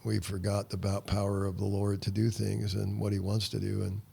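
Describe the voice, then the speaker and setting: An older man with a heavily gravelly, fried voice tells a long testimony. His pitch sits fairly low, and he acts out conversations with earnest feeling. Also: monotone, a little fast, dark tone. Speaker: guest, ministry founder.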